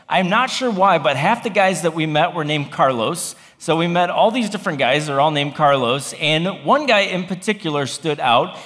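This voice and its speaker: A man's voice: a little high, fairly bright tone. A man, a campus pastor, telling a funny story in a sermon with wry, self-deprecating humor. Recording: long hall reverb.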